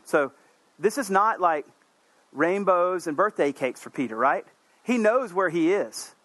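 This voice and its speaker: A man preaching a sermon in an earnest, conversational way, with asides, climbing to emphatic peaks and falling back low and quiet. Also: dry recording.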